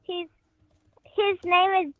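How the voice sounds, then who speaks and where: A shy young caller speaks in a very high voice, answering in short bursts. The sound comes through a tinny, phone-like line. It is dry and close, with no room around it. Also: female voice, level tone, slow pace, no echo. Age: child. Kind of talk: phone call into a podcast.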